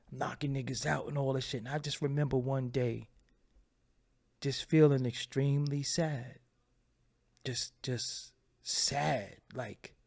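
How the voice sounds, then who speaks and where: A man speaking candidly to his audience, telling a personal story in a halting, profane way with many repeated phrases. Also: medium pitch, vocal fry, darkish tone. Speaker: channel host.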